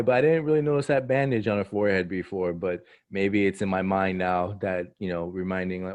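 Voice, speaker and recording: A man co-hosting a casual manga review, talking in a relaxed, halting way with repeats. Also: low-pitched, lo-fi sound. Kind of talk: casual chat.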